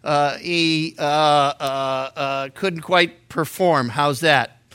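A middle-aged pastor teaching scripture, his voice pitched high for a man and bright, almost sharp. He talks casually and cracks jokes, often tripping over his words and restarting as he goes. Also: fairly even intonation, very slow, smooth. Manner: conversational and joking, with frequent stammered restarts. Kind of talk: verse-by-verse Bible teaching.

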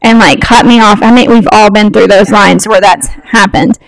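A middle-aged woman co-hosting a podcast, telling stories in an animated way and acting out the lines of the people in them. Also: medium pitch, normal speed, gravelly, no room sound, poor audio. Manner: animated storyteller, acts out quoted lines. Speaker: podcast co-host, wedding business owner. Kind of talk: casual chat.

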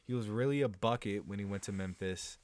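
A teenage boy co-hosting a casual sports podcast, animated and prone to stumbling over player names. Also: fairly low pitch, a little fast, no room sound. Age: teens. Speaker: podcast co-host.

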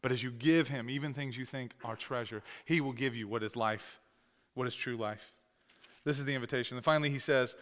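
A man preaching a sermon as pastor, talking conversationally and rising to loud, emphatic scripture reading. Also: mid-range voice, fairly quick. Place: church sanctuary. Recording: long hall reverb.

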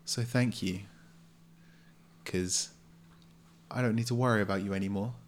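A man voicing a cold, cruel woman villain in a tabletop game, with a flat and calm delivery. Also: lowish voice, moderate pace, slight background noise, lightly acted.

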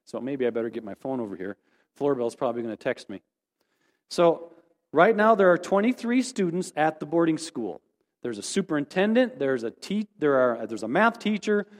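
A man as pastor, giving a casual, rambling, self-deprecating sermon report. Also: a little high. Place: church sanctuary. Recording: long hall reverb.

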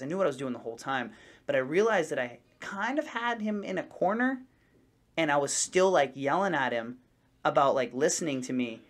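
A man co-hosting a casual podcast, telling stories in a rambling, animated way with many restarts. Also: fairly high pitch. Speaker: podcast co-host. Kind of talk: casual chat.

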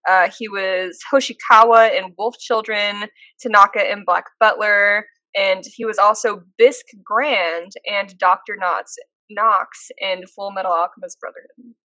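A woman's voice: medium pitch, fairly even intonation, measured pace, bright, forceful tone, no echo, highs cut off. A woman co-hosting a podcast, chatting casually and telling stories with lots of fillers. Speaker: podcast co-host. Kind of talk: casual chat.

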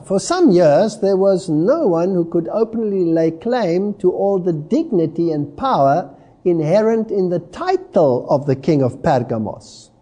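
Male preacher, high lively delivery, slow and emphatic sermon reading. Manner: slow, emphatic, dramatic swings in pitch.

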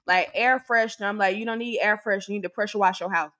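A woman co-hosting a podcast, telling an animated, exasperated story and acting out what others said. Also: mid-range voice, fast talker. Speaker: podcast co-host. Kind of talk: casual storytelling to a co-host.

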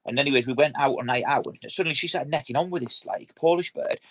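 A man, telling a crude story fast on a podcast, recorded from bed on a handheld mic. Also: mid-range voice, fairly bright tone, dry recording, poor audio. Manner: fast, swearing, laddish banter. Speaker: podcast co-host. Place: in bed at home. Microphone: handheld mic, sometimes covered by hand.

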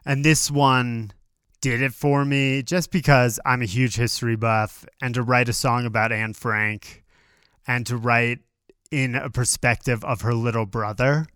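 Enthusiastic man, smooth dry voice. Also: mid-range voice, fairly even intonation, unhurried, fairly bright tone, no room sound. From Colorado. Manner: enthusiastic, joking, self-deprecating. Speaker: podcast co-host. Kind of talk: casual chat about music.

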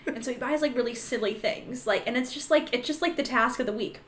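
A young woman guest on a comedy podcast, brash and profane with quick jokes. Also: on the high side, fairly bright tone, slight background noise. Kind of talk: casual comedic chat.

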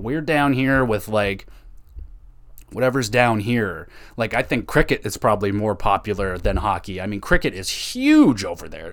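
A man's voice: lowish voice, fairly bright tone. Canadian man in a profane hockey rant. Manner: profane, exasperated, ranting. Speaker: podcast host. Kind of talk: casual solo podcast rant.

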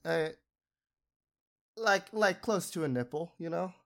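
A man's voice: fairly high pitch, animated, slow pace, a bit bright. A young man hosting a podcast, sick and nasal, rambling loosely and crudely with frequent laughs. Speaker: podcast host. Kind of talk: casual chat.

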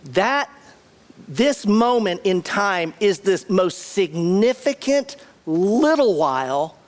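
A man giving a sermon in a chatty, conversational style, circling back on words for emphasis. His voice sits a little higher than most men's, and he keeps checking in with the congregation. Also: sing-song, takes it slowly. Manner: conversational, repetitive, questions the congregation. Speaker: pastor.

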